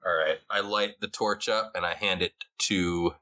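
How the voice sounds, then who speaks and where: A man's voice: low voice, steady tone, normal speed, bright, forceful tone. A man narrating as game master of a tabletop game in a loose, joking way.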